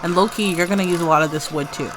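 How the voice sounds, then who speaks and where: A woman voicing a sassy, demanding young female game character who teases loudly. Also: on the low side, quick pace, noisy background, lightly acted.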